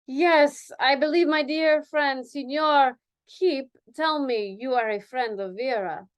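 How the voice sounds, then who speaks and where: A woman's voice: high-pitched, slow pace, pitched above the performer's own voice. A woman reading aloud, voicing a boastful, theatrical woman dancer in a put-on mock Spanish accent and broken English. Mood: haughty. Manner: grand, haughty, broken English.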